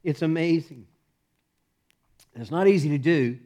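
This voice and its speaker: Animated male preacher with big swings. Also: on the high side, measured pace. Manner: animated, swings from loud emphasis to soft near-whisper, laughs often. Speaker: pastor. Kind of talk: sermon.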